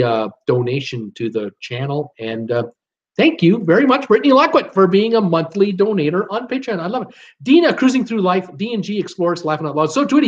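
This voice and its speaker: A man's voice: fairly high pitch, highs cut off. An older man hosting a live stream, chatting casually as he reads viewer comments aloud. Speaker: host of a live cruise Q&A stream.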